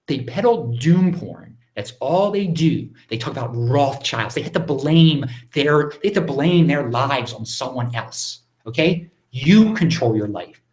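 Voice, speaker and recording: A man hosts an informal live Q&A from home in his apartment, voicing viewers' questions and then answering them. He keeps his voice low, almost whispering, yet sounds animated, repeatedly talking over himself and starting again quickly.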